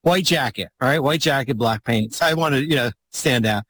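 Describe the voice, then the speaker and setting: A man, a former basketball team executive, telling a long anecdote in casual chat, rambling and animated with sudden jumps in pitch. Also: moderate pace, a little hiss or hum.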